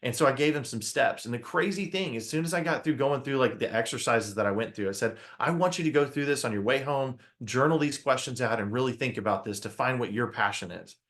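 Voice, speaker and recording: A man giving a motivational talk to an audience, telling a story with lively acted-out quotes and questions to the crowd. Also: mid-range voice, fairly quick, hardly any pauses. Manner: animated storyteller, acts out his own quotes, asks the audience questions. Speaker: motivational speaker.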